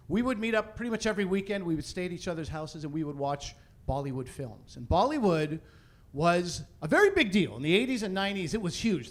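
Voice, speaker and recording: A middle-aged man from Canada performing a stand-up comedy set, animated, with loud bursts of exasperation as he acts out other people. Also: sits high.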